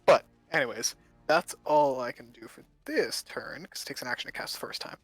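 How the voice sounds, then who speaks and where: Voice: mid-range voice, animated, brisk, husky, soft background music. A player in a tabletop game, talking casually, exasperated and swearing freely.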